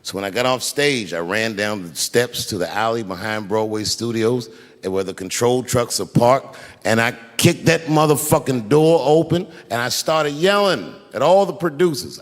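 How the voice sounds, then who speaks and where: A man doing stand-up comedy, telling a story in an animated, profane way. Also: mid-range voice, in a large hall.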